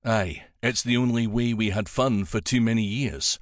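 A man's voice: on the low side, moderate pace, no echo, clean studio sound, natural voice. A man doing a jovial Scottish dragon king. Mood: teasing. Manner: teasing, warm-humored.

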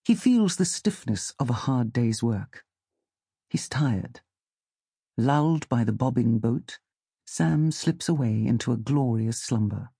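Slightly breathy man reading a story. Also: medium pitch, no echo, clean studio sound. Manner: calm, measured storytelling. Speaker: narrator. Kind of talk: scripted audiobook narration.

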